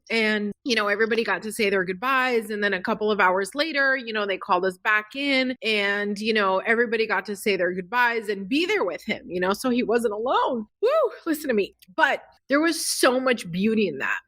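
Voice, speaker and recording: A woman's voice: on the high side, lively intonation, brisk, hardly any pauses, a bit bright, dry recording. A middle-aged woman, a podcast guest, telling personal stories in an emotional, rambling way full of fillers. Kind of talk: casual interview chat.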